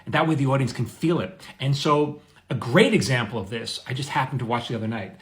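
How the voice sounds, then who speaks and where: A man's voice: mid-range voice, fairly quick. A middle-aged man teaching screenwriting in a casual, conversational way, telling stories with quoted dialogue. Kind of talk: conversational advice monologue.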